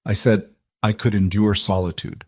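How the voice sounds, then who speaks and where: A man voicing a poised young frontier bride who speaks in a clear, measured, precise way. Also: lowish voice, little pitch movement, a little mellow, no echo, clean studio sound, lightly acted. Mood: calm, measured.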